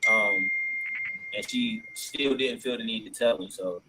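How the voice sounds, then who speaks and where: A man's voice: fairly low pitch, a little slow, pushed and bright, low-quality recording. A man hosting a podcast in casual chat, laid-back and slangy with many filler ums, reacting to clips. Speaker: podcast host.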